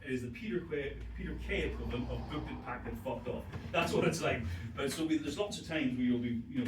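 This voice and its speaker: A middle-aged man telling a stand-up story on stage, swearing freely and laughing through his punchlines. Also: mid-range voice. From Northern Ireland. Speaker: stand-up comedian. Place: comedy venue with audience. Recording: roomy live venue, distant mic, noisy.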